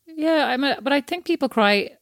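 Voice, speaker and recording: A woman's voice: high voice, lively intonation, normal speed, dry recording, clean studio sound. A woman in casual chat as co-host, talking freely and acting out quoted voices. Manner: chatty, acts out quoted voices.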